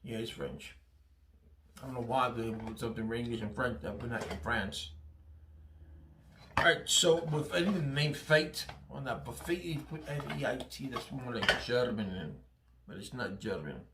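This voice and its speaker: A man's voice: medium pitch, normal speed, background noise. A man hosting his own channel, chatting casually through a product review, often checking in with "right?" and restarting his phrases. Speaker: channel host. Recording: echoey room.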